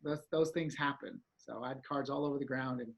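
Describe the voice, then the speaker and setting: A man telling a story in casual chat, animated and acting out reactions with exclamations. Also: mid-range voice, fairly quick, gravelly.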